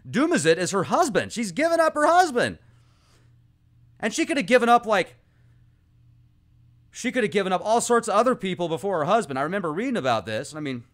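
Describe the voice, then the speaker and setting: A man hosting an informal monologue, talking animatedly and excitably, speeding up and slowing down as he goes. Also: a little high. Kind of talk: casual esoteric monologue.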